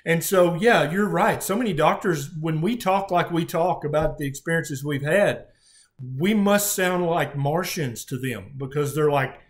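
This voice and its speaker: Speaking a little slowly, a middle-aged physician guest with a fairly high voice shares a story about a patient. His delivery is earnest and feeling, and he restarts often as the conversation goes on.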